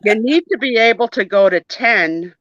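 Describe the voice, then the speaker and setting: A woman voicing a bossy schoolgirl who fondly orders her classmates around, emphatic and high. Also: animated, moderate pace, fairly bright tone, no echo, lo-fi sound.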